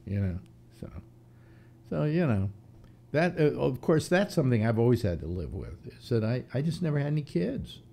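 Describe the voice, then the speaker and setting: A man's voice: medium pitch, very animated, normal speed, creaky, dark tone. A man in his seventies hosting a casual talk show, rambling through philosophical musings with frequent restarts. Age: 70s. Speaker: host.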